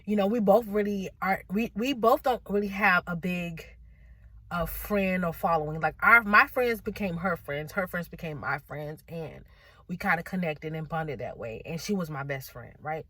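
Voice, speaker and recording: A woman's voice: fairly low pitch, normal speed, pushed and bright, no echo. Tearful young woman, rambling confession. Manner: emotional, rambling with many fillers and restarts. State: holding back tears. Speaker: vlogger. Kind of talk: personal confessional vlog. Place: parked car.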